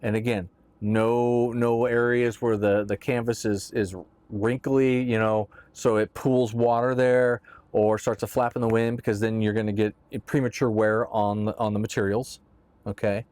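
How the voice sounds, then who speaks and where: A man's voice: on the low side, flat delivery, normal speed, a little mellow, clear, resonant tone, no echo. A man casually explaining boat gear in a conversational how-to talk, often checking in with "right?". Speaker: boat owner explaining boat tops.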